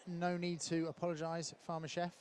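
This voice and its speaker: A man's voice: a little high, normal speed, a little hiss or hum. Chatty man commentating a padel match. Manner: relaxed, chatty, with frequent ums and laughs.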